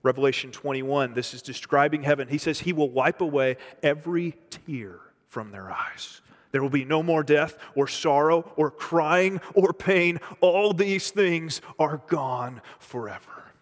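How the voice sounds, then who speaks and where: A high-pitched male pastor delivers a sermon in a church, with a long hall reverb trailing each phrase. He moves from loud, emphatic lines to quiet, nearly whispered ones, then builds back up. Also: unhurried, few pauses. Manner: swings between loud emphasis and hushed, near-whispered lines.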